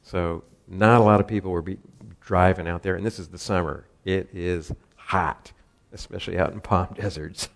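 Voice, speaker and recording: A man from Southern California recounts something that happened to him, drifting off track as he goes. He speaks at a moderate pace in a low, creaky voice with fairly even intonation, chuckling regularly and restarting sentences amid many fillers.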